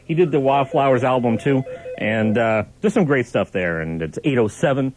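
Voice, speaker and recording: A man's voice: medium pitch, lively intonation, darkish tone, slight background noise, rough recording. A man hosting a campus radio show, teasing his co-host dryly and announcing songs and the station. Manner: dry teasing, brisk announcer reads. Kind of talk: radio banter and song announcing.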